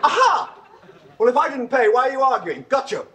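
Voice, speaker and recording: Indignant customer, very animated, hissy old TV track. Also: male voice, very high voice, fast, full character voice. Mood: exasperated. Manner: protesting, indignant, keeps insisting. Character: indignant male customer, exasperated. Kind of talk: 1970s TV sketch comedy.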